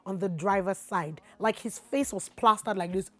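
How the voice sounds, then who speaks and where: A woman with a Nigerian accent telling a storytime vlog, swinging from low asides to loud outbursts. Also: moderate pace, faint music behind. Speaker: vlogger.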